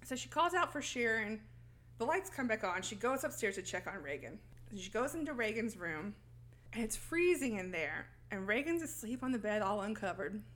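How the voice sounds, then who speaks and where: A woman podcast host casually recapping a film, telling the story in an animated, profane way. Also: medium pitch, moderate pace. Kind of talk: casual chat.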